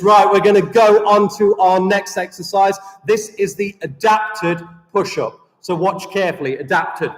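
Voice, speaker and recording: Male teacher, high register, leads exercises; unhurried, encouraging delivery; distant mic with hall echo. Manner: encouraging, steady instructions and counting. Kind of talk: live-streamed exercise class. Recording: echoey hall from far off.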